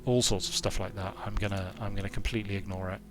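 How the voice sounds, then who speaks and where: Lowish and level, this young man's voice comes quickly over music. He's a game designer streaming a strategy game from a hot room at home, giving casual, rambling commentary while thinking aloud and breaking off mid-sentence.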